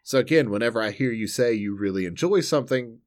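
Animated American man podcaster. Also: medium pitch, quick pace. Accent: American English. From United States. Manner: sweary, animated storytelling. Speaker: podcast co-host. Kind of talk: casual chat.

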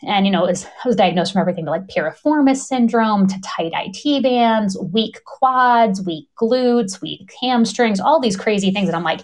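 A woman in her thirties telling a story in casual conversation, animated, often laughing and acting out the voices of people she quotes. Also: mid-range voice, normal speed, few pauses. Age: 30s.

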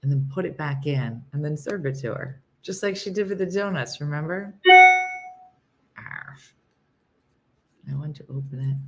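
A woman with a low voice rambles through a casual livestream chat with her viewers. She talks in a loose, meandering way, full of fillers and restarts. She clears her throat often. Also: expressive, a little fast, hardly any pauses, darkish tone, faint music behind. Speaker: livestream host.

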